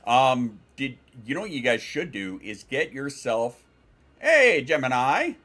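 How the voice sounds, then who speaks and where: A man's voice: mid-range voice, lively intonation, a little slow, fairly bright tone. A man streaming from home, chatting casually and rambling, swearing and reading out chat messages.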